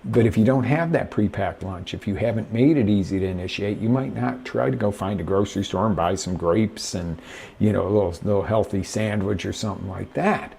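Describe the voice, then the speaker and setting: A man's voice: fairly low pitch, brisk, vocal fry, darkish tone, a little hiss or hum. A man hosting a live motivational coaching show, talking emphatically straight to his viewers from a webcam setup. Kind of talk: motivational live-stream talk.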